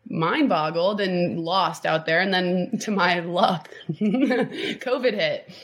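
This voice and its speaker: A woman's voice: on the low side, slow. A woman in her twenties from Miami, telling her story in a casual interview, rambling with lots of "like" and restarts. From Miami, Florida. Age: 20s. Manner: rambling, heavy use of "like" and restarts. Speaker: guest.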